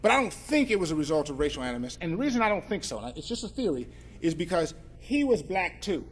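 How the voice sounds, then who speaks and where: A male attorney telling a humorous story to an audience, with joking, animated asides. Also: on the high side, quick pace, a little hiss or hum. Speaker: attorney and speaker.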